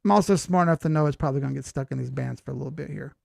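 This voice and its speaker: A man's voice: mid-range voice, very fast, gravelly, a little mellow, dry recording, studio quality. A man in his forties hosting a crypto chart analysis show in a folksy, rambling, jokey way. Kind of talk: casual chart analysis talk.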